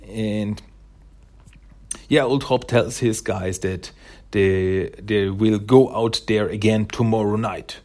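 A man's voice: lowish voice, fairly even intonation, slow, a little mellow. A man casually recapping a comic issue, rambling with lots of fillers and self-corrections. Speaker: comic book reviewer.

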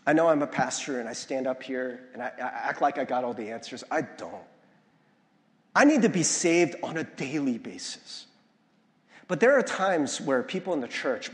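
A male pastor giving a conversational sermon, often checking in with "right?" and acting out the voices he quotes. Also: fairly high pitch. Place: church sanctuary. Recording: long hall reverb.

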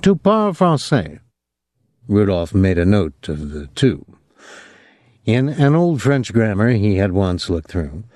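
An audiobook narrator with a fairly low-pitched male voice reads a novel in a measured, expressive storytelling style. The recording is dry, with clean studio sound.

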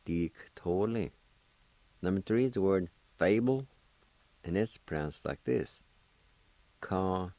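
A man teaching vocabulary in a radio language lesson, spelling words out and repeating syllables with slow, deliberate care. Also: low-pitched, lively intonation, gravelly, mellow, no room sound.

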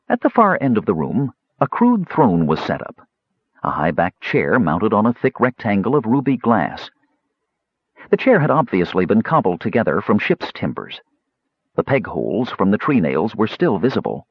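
Husky male audiobook narrator, measured scripted reading with a very lively pitch, dry close lo-fi recording. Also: dry recording.

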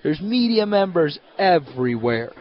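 A man hosting a sports radio show, telling stories in an animated, casual way. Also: fairly high pitch, normal speed, highs cut off. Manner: animated storyteller, excitable. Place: hotel at a media event.

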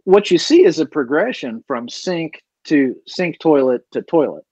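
A man's voice: a little high, expressive, measured pace, a little mellow, husky, dry recording, dull audio. A man on a casual comedy podcast, telling a rambling story with restarts. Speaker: podcast co-host.

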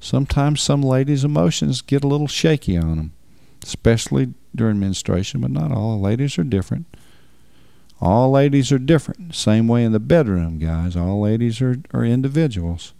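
A man's voice: mid-range voice, expressive, moderate pace, gravelly, warm tone, dry recording. A man preaching on marriage in a folksy, emphatic way, repeating words for stress. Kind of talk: sermon.

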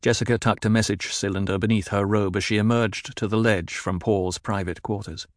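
A man reading a novel aloud in an even, measured narration. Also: on the low side, no echo, studio quality. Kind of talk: scripted audiobook narration.

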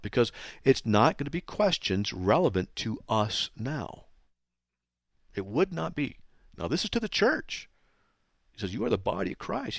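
A man's voice: mid-range voice, no room sound, studio quality. A man hosting a radio Bible talk, reading scripture aloud and then pressing his point with pointed rhetorical questions. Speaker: radio host.

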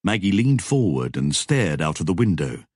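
A man with a husky voice reading a novel aloud as scripted narration, measured and even. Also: deep voice, no echo, studio quality. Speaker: audiobook narrator.

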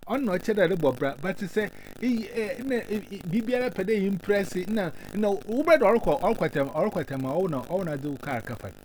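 A man's voice: high voice, lively intonation, a little fast, few pauses, a little mellow, a little hiss or hum. A man giving earnest advice, mixing English words into his talk.

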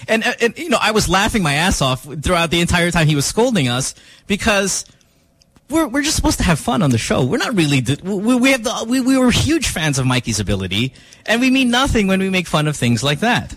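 A man's voice: fairly quick, dry recording, rough recording. A man, hosting a radio show and telling a story in casual chat. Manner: animated storytelling, quoting others with rising pitch.

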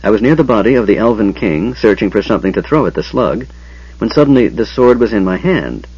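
Man playing a gruff half-elf leader, firm and snappy, low husky voice, dull dry audio. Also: expressive, fairly quick, darkish tone. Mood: tense. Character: stern male half-elf warrior leader, short-tempered. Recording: dull lo-fi sound.

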